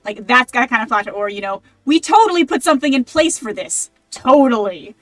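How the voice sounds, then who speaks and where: High-voiced woman game master, dry sound. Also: very animated, fairly quick, dry recording. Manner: rambling, many restarts. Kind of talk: running a tabletop game.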